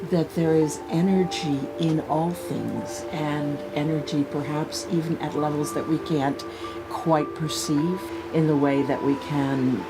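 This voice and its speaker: A woman speaking as an interviewee about fairy lore, calm and measured. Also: sits low. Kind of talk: slow reflective talk. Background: music.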